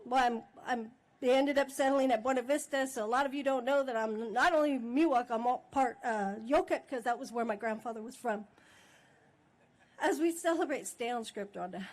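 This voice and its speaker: A tribal chairwoman with a high voice speaks at normal speed, giving an emotional speech at a podium microphone during an outdoor monument ceremony in a park. She partly reads and partly goes off script, adding candid, laughing asides.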